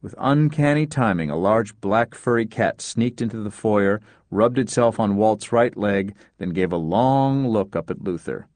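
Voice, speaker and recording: A man narrating a story as an audiobook in a measured, understated way. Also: on the low side, expressive, darkish tone, no echo.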